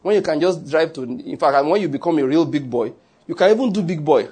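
A Nigerian man preaching in a loose, joking way, slipping into Pidgin now and then. His voice sits a little high for a man and has a husky, breathy grain. It sounds like a pastor talking straight to his congregation. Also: expressive, brisk, a little mellow. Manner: humorous, conversational preaching with Pidgin asides. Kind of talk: sermon.

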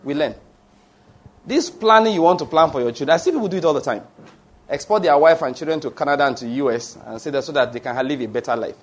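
A man's voice: fairly high pitch, animated, quick pace. A man preaching a sermon, emphatic and digressive, asking the congregation questions and answering them himself. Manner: digressive, with restarts and fillers.

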